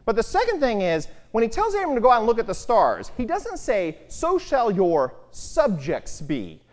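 A Bible teacher giving an animated talk and putting rhetorical questions to the listeners. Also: medium pitch, fairly quick. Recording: long hall reverb.

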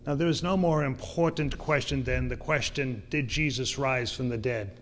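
A man's voice: mid-range voice, moderate pace, slight background noise. Earnest male preacher reading scripture. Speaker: pastor. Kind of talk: sermon.

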